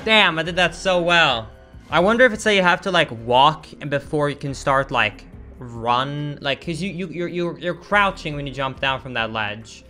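Excitable young man streaming a speedrun. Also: on the high side, moderate pace, soft background music. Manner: excitable, exclaims often, says "dude" a lot. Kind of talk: live gameplay commentary.

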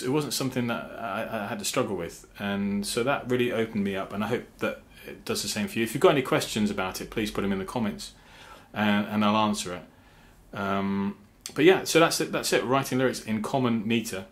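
A man talking casually to his viewers about songwriting, halting with fillers and restarts, and now and then humming rhythm syllables. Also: lowish voice. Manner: sings rhythm syllables to explain meter. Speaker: songwriter and channel host. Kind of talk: casual talk to camera.

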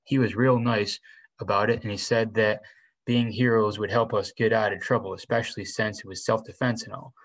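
A man reading a novel aloud in the first person, unhurried, with small restarts. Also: lowish voice, flat delivery, rough recording. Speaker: reader.

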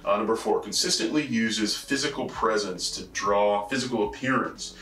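A man with a low voice and a bright, forceful edge gives a lecture in a loose, chatty manner, tossing in "right?" and filler sounds as he goes. He sits back from the microphone, so the room rings around him with a faint hiss underneath. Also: moderate pace. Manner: conversational, frequent "right?" and "uh" fillers. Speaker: college instructor. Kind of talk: recorded lecture. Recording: roomy, distant mic with faint noise.

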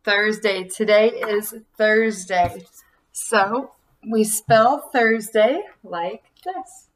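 A young woman teaching a preschool circle time from home, talking slowly and clearly in a sing-song way for small children. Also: mid-range voice, far from the mic, low-quality recording.

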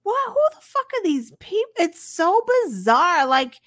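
A woman's voice: very high voice, very animated, a little slow, a bit bright. A woman co-hosting a political podcast, talking in an indignant, casual way and swearing for emphasis. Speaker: podcast co-host.

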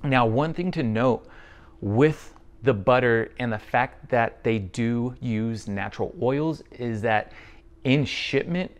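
A man talks through a product review in a relaxed, conversational way. His pitch sits in the middle range for a man. He is friendly and chatty, thinking aloud as he goes. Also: takes it slowly.

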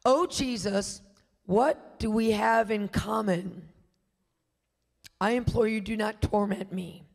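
A woman's voice: medium pitch, slow, vocal fry, long reverb tail. A woman voicing a male demon spirit that pleads in awe and fear, with breathless exclamations. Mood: imploring.

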